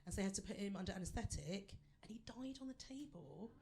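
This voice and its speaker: A woman's voice: mid-range voice, lively intonation, quick pace, mellow, husky. A woman performing a stand-up comedy set on a theatre stage, chatty and self-deprecating as she talks straight to the audience.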